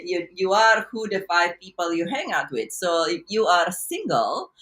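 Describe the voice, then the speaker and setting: A woman's voice: on the low side, fairly bright tone. A woman coach telling a personal story to camera in an earnest, reflective way, often stopping and restarting her sentences. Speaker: life and business coach.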